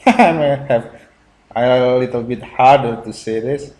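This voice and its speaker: A man with an Indonesian accent hosts a casual reaction video in halting non-native English, often restarting his sentences. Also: medium pitch, a little mellow. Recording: roomy echo.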